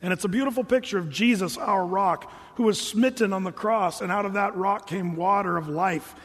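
In a large, echoing church hall, a pastor with a fairly high, slightly husky voice preaches at a normal speed, his words carrying a long echo. His sermon is relaxed, casual and animated storytelling, and he slips into little voices for the people he describes.

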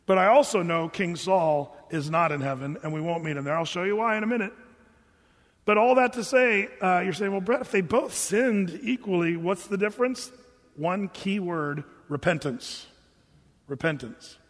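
A man's voice: high voice, moderate pace, in a large hall. A man preaching as a pastor, talking conversationally, asking rhetorical questions and acting out quotes. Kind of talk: sermon.

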